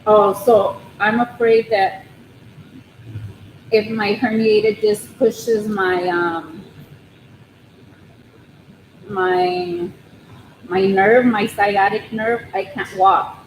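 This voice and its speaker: A nervous woman chats with her viewers from her living room, drifting through her thoughts with frequent ums and restarts. She speaks slowly on a phone mic, and the room gives her voice a roomy echo with a steady layer of background noise. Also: mid-range voice. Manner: rambling and hesitant, many ums and restarts; nervous, soft-spoken. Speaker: crochet channel host on a livestream. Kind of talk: casual live chat with viewers.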